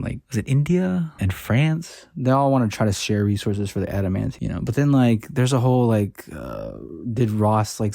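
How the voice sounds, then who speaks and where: A man's voice: on the low side, gravelly, mellow, no echo, clean studio sound. A man casually recapping a movie plot, rambling with lots of fillers and joking asides. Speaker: movie reviewer.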